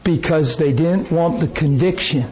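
On a rough recording, a man preaches in church at a measured pace, his voice on the high side. As pastor, he tells animated stories and voices the characters he quotes.

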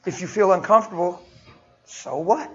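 A man with a high, light voice preaches in a folksy, heartfelt way, slipping into the voices of the people in his stories. The recording is dull and lo-fi, like an old church tape. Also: normal speed. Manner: folksy, heartfelt, acts out dialogue. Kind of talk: sermon with storytelling.

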